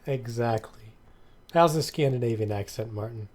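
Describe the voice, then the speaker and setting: Mellow-voiced man running a tabletop game. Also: medium pitch, moderate pace, slightly rough. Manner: encouraging, explains rules step by step. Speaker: game master.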